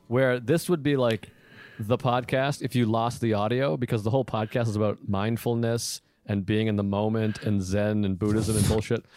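A man's voice: on the low side, darkish tone. A man with a Boston accent hosting a podcast, rambling and self-deprecating in casual chat. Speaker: podcast host.

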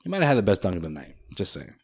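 A man's voice: low voice, very animated, very fast, slightly rough, no echo, studio quality. A man hosting a casual sports podcast, talking animatedly and slipping into mock voices to joke. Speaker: podcast host.

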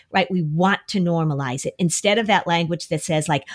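A woman's voice: fairly low pitch, brisk, hardly any pauses. A woman explaining an approach to anxiety on a podcast in a conversational way, often acting out worried voices as quotes. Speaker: anxiety expert.

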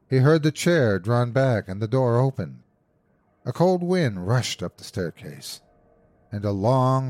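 A man hosting a horror podcast, narrating a classic ghost story in a measured, suspenseful way. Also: lowish voice, darkish tone, no echo.

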